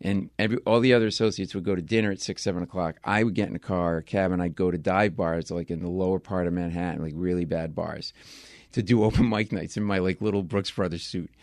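A comedian from Rhode Island, appearing as an interview guest, tells stories in a lively way and slips into voices for the people he quotes. His voice is low-pitched and fast, recorded at studio quality with no echo.

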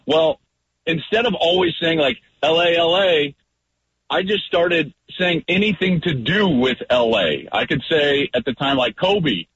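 Animated ex-quarterback man on radio. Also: on the high side, unhurried, husky, dry recording, dull audio. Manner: lively, acts out line calls loudly. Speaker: guest, former quarterback. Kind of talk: animated sports talk.

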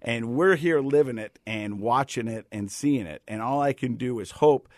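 A man's voice: medium pitch, moderate pace, dry recording, studio quality. A middle-aged man co-hosting a podcast in casual chat, telling family stories and often saying "you know". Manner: storytelling, warm-hearted, says "you know" a lot. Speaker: podcast co-host.

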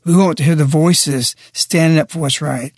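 A man's voice: on the high side, fairly even intonation, normal speed, dry recording, studio quality. A man speaking on a radio talk show in an impassioned, preaching way, pressing his points hard. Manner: forceful, preaching, emphatic.

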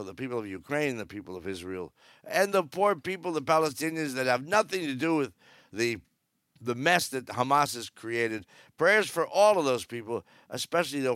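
A man's voice: mid-range voice, a bit bright, clear, resonant tone, no echo, studio quality. A man in his seventies hosting a podcast, giving blunt, rambling, sarcastic news commentary. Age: 70s. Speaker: podcast host. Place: aboard a cruise ship.

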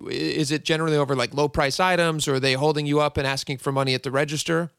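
A man's voice: fairly high pitch, steady tone, fast, a bit bright, clear, resonant tone, dry recording, studio quality. A male radio talk show host interviewing a guest, upbeat and asking leading questions.

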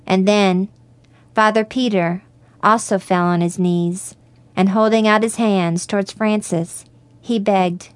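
A woman reads a story aloud in a measured, gentle way. Her voice sits at a middle pitch. The recording is dry and close. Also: no echo. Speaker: narrator.

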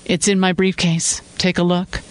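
A man's voice: high voice, flat delivery, normal speed, voice pushed up, lightly acted. A man doing a tired young woman lawyer. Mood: flustered. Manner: soft, tired. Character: woman attorney, new on the job, weary. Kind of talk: storytelling dialogue.

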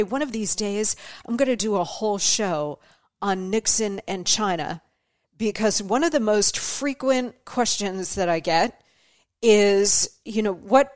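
A woman's voice: mid-range voice, no echo. Chatty woman host, dry close sound. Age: middle-aged. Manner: chatty storyteller, laughs often, acts out quoted voices. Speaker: podcast host. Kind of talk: casual monologue.

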